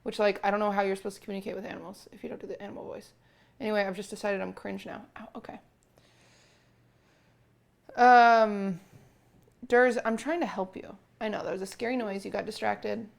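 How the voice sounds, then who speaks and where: A young woman in the middle of a casual live stream, chatting to viewers and breaking off to coo at her cat. Her voice sits at an ordinary middle pitch with a good amount of fry running through it. She sounds relaxed and talkative, as if at home in her kitchen. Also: brisk, long pauses.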